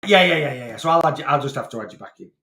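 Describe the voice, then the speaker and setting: A man's voice: medium pitch, lively intonation, very fast, sharp tone, echoey room. A man from Blackpool with a Lancashire accent, answering viewer questions live as a weight loss coach in a chatty, rambling way full of fillers and restarts. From Blackpool, England.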